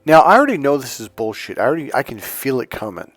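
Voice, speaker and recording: A man who coaches on dating and relationships, talking casually to his channel as an outspoken, animated storyteller. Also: mid-range voice, fast talker, no echo, soft background music.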